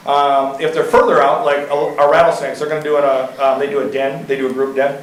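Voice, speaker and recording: A man's voice: on the high side, flat delivery, fast. A man in his thirties from Iowa speaking to a city council as the local reptile keeper. He talks in a casual, folksy way, full of fillers and stories. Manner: chatty and folksy, lots of fillers and anecdotes. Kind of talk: casual storytelling at a public meeting. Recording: roomy council chamber sound.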